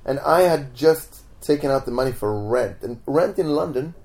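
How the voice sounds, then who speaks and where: Animated man telling a story. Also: medium pitch, normal speed, creaky. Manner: animated, acts out voices in his stories. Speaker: magician guest. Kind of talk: casual storytelling in interview. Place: home.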